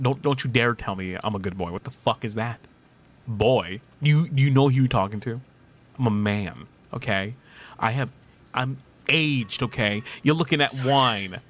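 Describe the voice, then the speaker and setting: A man's voice: mid-range voice, fairly bright tone. A man in his thirties streaming casually, reading chat aloud, playful and teasing, laughing often.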